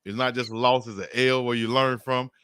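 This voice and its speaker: Man, bright tense voice, dry close sound, animated game recap. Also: mid-range voice, a little fast, smooth, no echo. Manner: animated play-by-play retelling. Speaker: guest football commentator. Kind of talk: casual sports debate.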